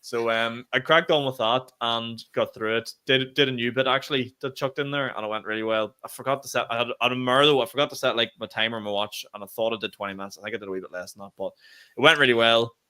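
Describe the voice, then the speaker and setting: A young Northern Irish man and comedian co-hosting a podcast, telling stories in casual chat with quick swearing asides. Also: mid-range voice, steady tone, sharp tone, clean tone. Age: young adult. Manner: quick storytelling with swearing and fillers.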